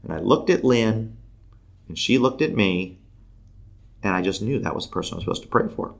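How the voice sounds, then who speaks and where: A man telling a faith story in an animated way, acting out the quoted people with big jumps in pitch and laughing between lines. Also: brisk, gravelly.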